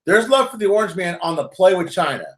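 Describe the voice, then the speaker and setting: Fast-talking and animated, a man with a fairly bright, slightly high voice hosts a live call-in currency show in a roomy, echoing room. His rambling, jokey chat jumps between news items and back-and-forth with callers.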